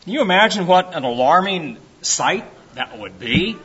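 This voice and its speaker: Husky high-voiced man leading a church service. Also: animated, normal speed, a bit bright. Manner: folksy, conversational and encouraging. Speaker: song leader in a church service. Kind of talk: informal sermon and song introduction. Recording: dull lo-fi church recording with faint music.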